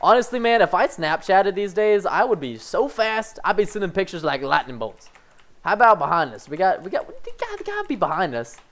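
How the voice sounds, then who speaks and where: A young man giving excitable live commentary over his own gameplay, swinging between frustration and excited yelps. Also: high voice, a little fast. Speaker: gaming commentator.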